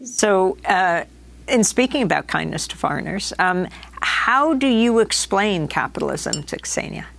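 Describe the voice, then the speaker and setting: A woman's voice: medium pitch, sing-song, a little slow, gravelly, a bit bright. A woman hosting an interview who asks brief, pointed questions. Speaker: interviewer host.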